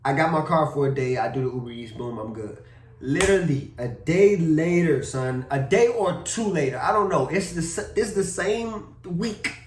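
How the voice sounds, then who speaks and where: A young man from Maryland telling a car crash story in a casual vlog, animated, full of slang and cursing. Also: fairly high pitch, moderate pace, far from the mic, a little hiss or hum. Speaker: vlogger. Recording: roomy echo, a bit off-mic.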